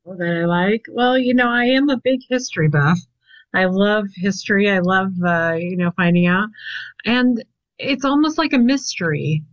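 A woman's voice: medium pitch, moderate pace, dry recording, lo-fi sound. A woman answering interview questions, telling stories in a chatty, easygoing way and laughing easily. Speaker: paranormal investigator guest.

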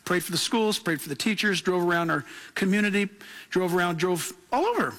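A man preaching a sermon as pastor, telling stories with laughing, animated asides. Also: high-pitched, fairly quick.

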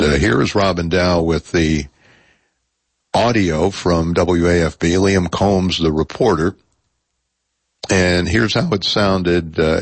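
A man hosting a public radio call-in show, speaking in a measured way with frequent hesitations. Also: deep voice, dry recording. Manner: measured, hesitant with many uh fillers. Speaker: radio talk show host.

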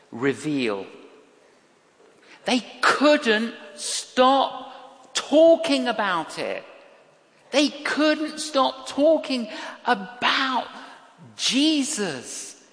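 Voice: medium pitch, a bit bright. An older preacher giving a sermon, telling stories in an emphatic way and acting out the dialogue. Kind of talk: sermon with storytelling. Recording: long hall reverb.

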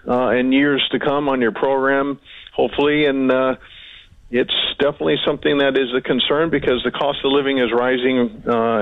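A man's voice: medium pitch, no room sound. A man giving rambling market commentary as a regular guest, with many fillers and restarts. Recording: tinny phone line.

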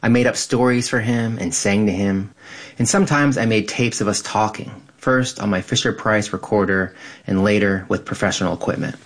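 A man calmly reading his own personal essay in a measured, reflective way. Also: lowish voice.

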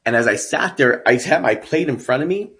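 A man's voice: medium pitch, lively intonation, fairly quick, pushed and bright. A man from Texas telling his life story as a guest, earnest and emphatic. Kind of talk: personal storytelling.

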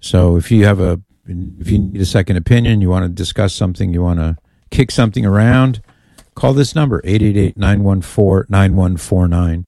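Male talk radio host, jovial banter, deep mellow tone. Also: normal speed, no echo, clean studio sound. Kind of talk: casual call-in radio chat.

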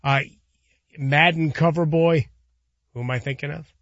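Slightly high-voiced man talking sports betting. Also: fairly even intonation, unhurried, fairly bright tone, dry recording. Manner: conversational, tags statements with "right?", chuckles. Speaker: sports talk co-host. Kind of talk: casual sports and betting talk. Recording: dull lo-fi recording.

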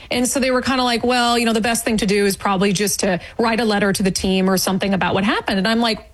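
A woman guest recounting an event in an interview, indignant and animated, acting out quoted remarks. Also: a little high, fast talker, rough recording. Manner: indignant, storytelling with quoted asides. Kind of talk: animated eyewitness account.

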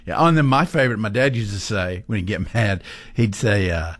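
A man's voice: on the low side, a little fast, a bit bright, dry recording. A man co-hosting a casual chat, joking and telling little stories.

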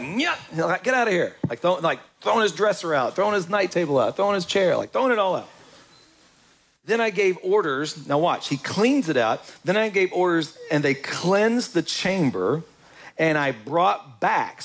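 A male pastor preaching to his congregation. He talks in a loose, conversational way, cracks jokes and throws in asides to his listeners. His voice sits a little high for a man. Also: a bit bright. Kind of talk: sermon.

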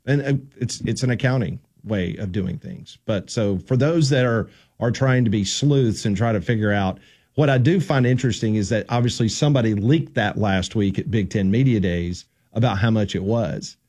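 A man hosts a sports talk show in an easy, conversational way. His voice sits a little low and sounds warm and dark. He steers the chat along from one topic to the next. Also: normal speed, husky. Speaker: sports radio host.

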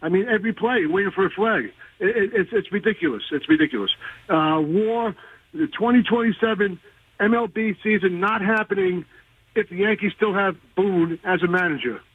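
A man's voice: sits high, normal speed, husky, dry recording. An older man with a touch of a New York accent, calling in to vent about something, exasperated and repeating himself. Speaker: caller. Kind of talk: call-in rant. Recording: tinny phone line.

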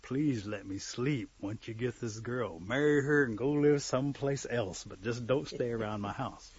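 A man's voice: mid-range voice, husky, natural voice. A man doing a grumpy sleepy little mole. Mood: bargaining. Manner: grumbling, quick to bargain. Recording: dull lo-fi recording.

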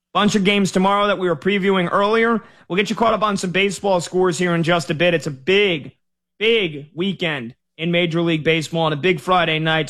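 A man's voice: fairly high pitch, a bit bright. A man hosting a casual sports talk radio show, chatty and joking at his own expense. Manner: chatty, joking, self-deprecating.

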